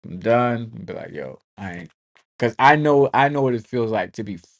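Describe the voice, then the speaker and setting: A man co-hosting a casual talk about parenting, relaxed and agreeable, often answering with short affirmations. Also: mid-range voice, fairly quick. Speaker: podcast co-host, parent. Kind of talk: casual conversation.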